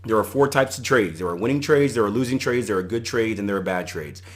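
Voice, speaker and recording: A man's voice: fairly low pitch, quick pace. A middle-aged man hosting a solo podcast, giving conversational coaching advice and retelling anecdotes with animation. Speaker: podcast host and trading coach.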